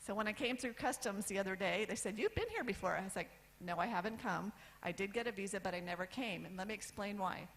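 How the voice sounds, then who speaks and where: A woman in her fifties from the United States telling a personal story on stage, candid, with lists and pauses for effect. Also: mid-range voice, expressive, fairly bright tone, low-quality recording. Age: 50s. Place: event stage.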